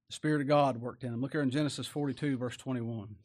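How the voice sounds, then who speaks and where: Steady in tone and mid-range in pitch, this preacher delivers his sermon in a homespun style, asking rhetorical tag questions and shifting from forceful, loud statements to hushed, slower asides.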